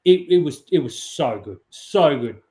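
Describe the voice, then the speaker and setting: A man's voice: on the high side, lively intonation, a little slow, warm tone, reverberant, a little hiss or hum. A man co-hosting a sports podcast over a remote call, upbeat and joking. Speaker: podcast co-host. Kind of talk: casual sports chat.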